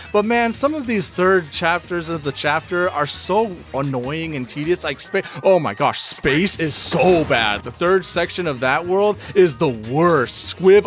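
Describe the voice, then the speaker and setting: Brief: slightly high-voiced male host, comedic rant, indignant and over the top, faint music bed. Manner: exaggerated, indignant, swings between loud and low. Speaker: video game commentary host.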